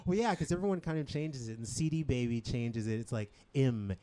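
A man's voice: medium pitch, brisk, mellow. A man being interviewed as a musician guest, talking casually with a hesitant, rambling manner and frequent laughs.

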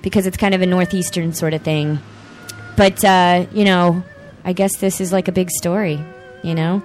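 A woman in her thirties hosting a casual chat show, rambling and excitable with lots of fillers. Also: on the low side, moderate pace, soft background music. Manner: excitable, animated outbursts. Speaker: podcast host.

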